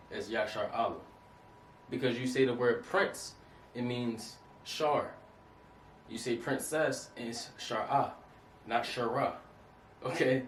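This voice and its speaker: A man explaining a lesson in a casual way, stopping often to ask whether his listeners follow. His voice sits at an ordinary pitch and sounds a bit away from the mic. The room is echoey, with a faint hiss of noise behind him. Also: distant mic. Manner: repeats points, checks in with "okay?" and "you understand that?". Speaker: teacher. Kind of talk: casual instructional talk.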